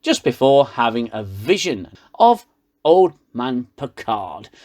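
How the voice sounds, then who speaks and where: A man's voice: medium pitch, very animated, slow pace, darkish tone. A man with a British accent giving a sarcastic, rambling comedic recap of a TV episode. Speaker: reviewer.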